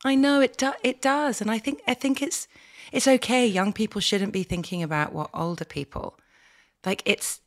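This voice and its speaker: Lively, laughing middle-aged woman guest. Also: mid-range voice, normal speed. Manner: animated, laughs often, breaks into playful impressions. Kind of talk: casual podcast chat.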